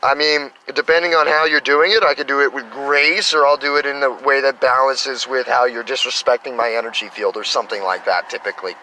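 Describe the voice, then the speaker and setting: Vlogger, man in his thirties, bright forward tone, meandering and upbeat, outdoors with faint traffic behind. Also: medium pitch, fairly even intonation, brisk, few pauses, low-quality recording. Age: 30s. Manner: enthusiastic, meandering, spiritual self-talk. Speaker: spiritual vlogger. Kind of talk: rambling casual monologue.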